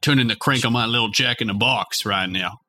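A man voicing a big, self-important Louisiana gentleman librarian in an improvised comedy bit, with a folksy drawl and a Louisiana accent. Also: medium pitch, brisk, a little hiss or hum. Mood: indignant.

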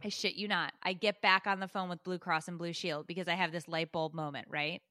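A woman in her forties hosting a podcast, telling a comic story in an animated, profane way and acting out the dialogue. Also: fairly low pitch, a little fast, dry recording, clean studio sound. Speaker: podcast host. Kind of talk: comedic storytelling.

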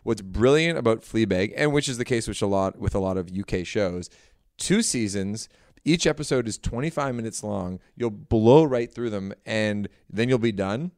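A man's voice: fairly low pitch, expressive, moderate pace, a little mellow, no echo, clean studio sound. A man in his thirties, co-hosting a podcast, speaking in an easygoing, self-deprecating manner. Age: 30s. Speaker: podcast co-host. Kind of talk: casual chat.

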